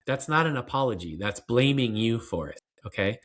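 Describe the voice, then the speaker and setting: A man's voice: medium pitch, animated, moderate pace, fairly bright tone. A man being interviewed as a parenting expert, explaining in an earnest, conversational way with fillers and restarts.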